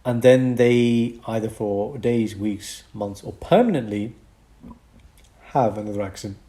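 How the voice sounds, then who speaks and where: A man who is a doctor and podcast co-host, explaining a medical condition in a casual, lively chat. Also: fairly low pitch, unhurried. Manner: explains medical topics, lively, slips into mock accents.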